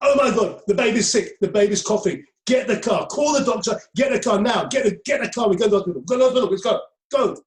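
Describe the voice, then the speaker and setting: A man putting on the voice of a panicking young mother, shouting frantic orders about her first baby. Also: mid-range voice, fast talker, hardly any pauses, reverberant, voice pushed up, natural voice. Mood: panicked.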